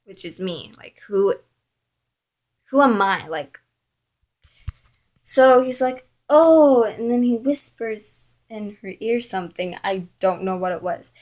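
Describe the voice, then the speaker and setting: Woman vlogger, slow and rambling, casual storytelling with lots of "like". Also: mid-range voice, darkish tone. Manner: rambling, with lots of "like" and "I'm all like".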